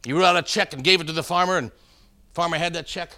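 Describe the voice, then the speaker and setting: Bright-voiced folksy male preacher. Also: fairly high pitch, quick pace. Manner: folksy storytelling, calls out to congregation. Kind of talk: sermon with joke stories.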